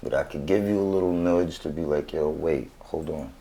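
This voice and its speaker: A man's voice: rumbling low, normal speed, gravelly, dark tone. A man tells his story as a guest in a casual interview. He talks in laid-back street slang and keeps checking in with "right?". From New York.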